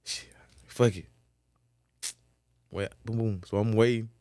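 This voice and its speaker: Man, casual storytelling, profane, animated, dry close mic. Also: slow, dry recording. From Florida. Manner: profane, animated storytelling, repeats "boom" as a beat. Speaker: guest, former football player.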